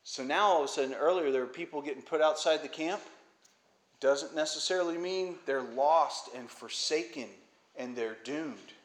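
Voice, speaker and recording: A man's voice: a little high, normal speed. Man teaching the Bible casually. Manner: conversational, with rhetorical questions. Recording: roomy echo.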